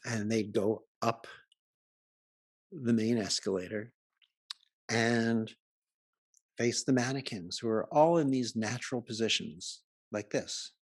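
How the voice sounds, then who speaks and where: A man's voice: lowish voice, slow pace, pauses often, no room sound, studio quality. A man giving a humorous talk to a live audience, telling chatty anecdotes and jokes and laughing at his own stories. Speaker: speaker presenting to a live audience. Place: live event before an audience.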